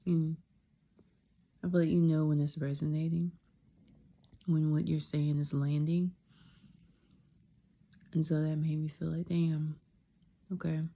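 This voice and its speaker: A young woman talking candidly in a reflective personal vlog, soft-spoken and sometimes dropping into a whisper. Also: low-pitched, flat delivery, measured pace, long pauses. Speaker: vlogger.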